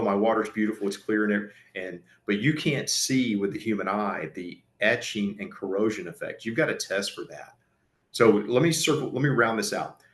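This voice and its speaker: A man's voice: lowish voice, fairly bright tone, echoey room. A man presenting an educational seminar for a pool service company, speaking in an earnest, conversational way with frequent restarts.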